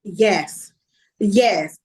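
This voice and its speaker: A woman's voice: mid-range voice, drawn-out words. A woman, a reality TV guest telling stories in casual chat, acting out other people's lines as she goes. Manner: lively storyteller, acts out other people's lines. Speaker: reality TV cast member, guest. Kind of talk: casual interview chat, storytelling.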